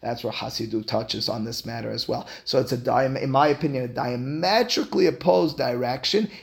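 A man, a rabbi, giving a lecture to a class, animated and emphatic, then dropping into quiet asides. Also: mid-range voice, brisk, creaky. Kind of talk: classroom lecture on Jewish philosophy.

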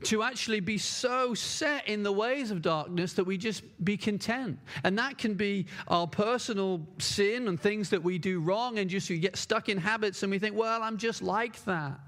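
A man's voice: high voice, moderate pace, few pauses, fairly bright tone. A man preaching a sermon, earnest and emphatic, repeating key words for stress.

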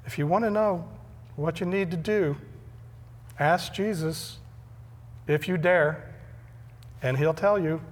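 Middle-aged male pastor, conversational sermon delivery, slightly high voice, reverberant hall. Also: takes it slowly, pauses often. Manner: conversational, repeats words when emphatic.

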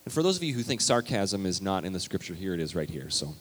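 A male pastor preaching a sermon, animated and emphatic, reading scripture aloud with big swings in loudness. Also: sits low, quick pace, few pauses. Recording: long hall reverb.

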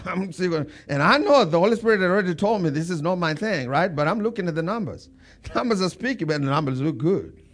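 A man preaching from the pulpit with a fairly high voice. He tells stories in a relaxed, conversational way, then slows down and drives his points home with emphatic bursts. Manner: storytelling, builds to emphatic bursts. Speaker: pastor. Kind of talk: sermon.

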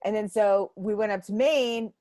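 A woman guest on a video-call chat, lively, candid and jokey. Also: medium pitch, moderate pace, no echo. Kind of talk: casual interview chat.

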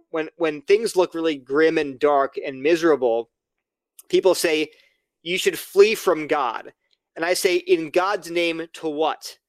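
High-voiced man arguing earnestly. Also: no room sound. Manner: earnest, argumentative, acts out quoted dialogue. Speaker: podcast guest. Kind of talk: casual podcast conversation.

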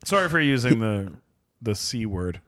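A man in his thirties hosts a comedy podcast, rambling through a story with lots of swearing and animated asides. His voice sits at an everyday mid pitch and sounds dry and close. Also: moderate pace, dry recording. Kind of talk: casual comic storytelling.

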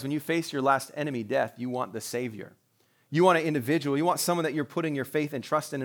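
A man's voice: fairly high pitch, a bit bright. A man who is a pastor, preaching a sermon in a conversational way, with rhetorical questions and joking asides.

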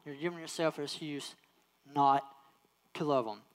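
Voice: mid-range voice, clean tone. Preacher repeating phrases for emphasis. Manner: repeats key phrases for emphasis and acts out quoted voices; slows down on emphatic words. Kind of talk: sermon.

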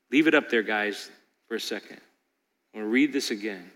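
Pastor, male, bright forceful voice, swings from hushed stories to loud pleading, long echo of a big hall. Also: fairly low pitch, brisk, pauses often. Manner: rises to loud pleading peaks, drops to quiet storytelling. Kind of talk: sermon.

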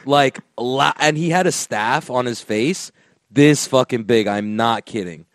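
A man hosting a podcast, telling a story in an animated, swearing, laughing way. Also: mid-range voice, moderate pace, no room sound, studio quality. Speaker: podcast host. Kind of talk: casual storytelling chat.

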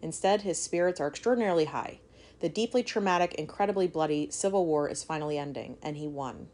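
Woman host, low voice, reads a history tale with casual asides. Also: quick pace, darkish tone. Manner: reads aloud then breaks off to joke and swear. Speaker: podcast co-host reading a history story. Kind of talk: casual storytelling chat.

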